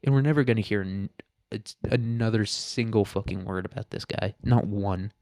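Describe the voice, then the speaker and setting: Male commentary host, low, mellow voice, crude, sarcastic delivery, dry close sound. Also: normal speed, no room sound. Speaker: podcast host. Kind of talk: casual current-events commentary.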